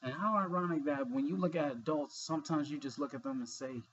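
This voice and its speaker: A man's voice: on the high side, a little fast, fairly bright tone, muffled recording, slight background noise. A young man vlogging in a rambling, earnest monologue full of fillers and swearing, sleepy and yawning. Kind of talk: casual monologue.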